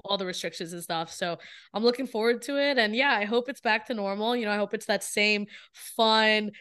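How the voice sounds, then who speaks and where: A woman's voice: mid-range voice, brisk, fairly bright tone, clear, resonant tone. A woman co-hosting a casual podcast chat, reacting with big exclamations. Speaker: podcast co-host.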